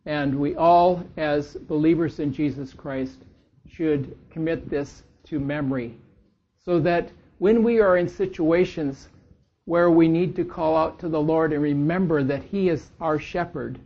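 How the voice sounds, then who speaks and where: A man leading a church group in reading scripture aloud, slow and deliberate, stressing the key words. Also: a little high. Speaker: church class leader. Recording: dull lo-fi recording.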